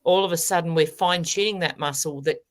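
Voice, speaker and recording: A woman's voice: on the low side, fast. A woman, a guest medium talking in a chatty, storytelling way. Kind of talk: casual chat.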